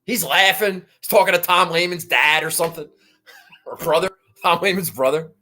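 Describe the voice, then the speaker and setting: A podcast host telling a casual golf betting story in an exasperated, animated way, swearing often and restarting sentences. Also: mid-range voice, normal speed, pauses often. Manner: animated, frequent restarts and rising outbursts.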